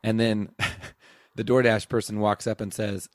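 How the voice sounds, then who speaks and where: Laid-back teacher telling a rambling story. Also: male voice, fairly low pitch, level tone, unhurried, no room sound, studio quality. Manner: rambling, laughing mid-story, acting out dialogue. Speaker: teacher and podcast host. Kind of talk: casual storytelling chat.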